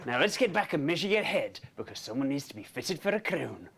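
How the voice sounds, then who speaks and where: Shrek, a man doing a low teasing ogre. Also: sing-song, a little fast, fairly bright tone, a little hiss or hum. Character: gruff male ogre leader, teasing.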